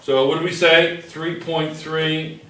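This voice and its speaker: A man's voice: fairly high pitch, level tone, slow, pushed and bright, far from the mic, a little hiss or hum. A man teaching a physics class, joking and teasing his students as he works through problems. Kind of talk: classroom lesson. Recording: echoey classroom.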